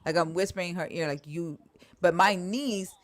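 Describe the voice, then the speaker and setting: Woman, casual talk, lower-pitched, blunt and animated storyteller who swears freely. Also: moderate pace. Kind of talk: casual conversation about church experiences.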